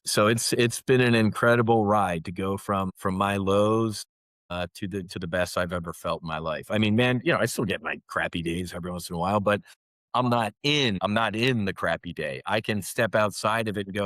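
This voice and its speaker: Frequent restarts mark the speech of this former fighter pilot, a man from the United States in his fifties, who then drives his words out with emphatic rises. Speaking candidly in an interview, he has a deep, brisk, fairly bright voice on a recording with no room sound.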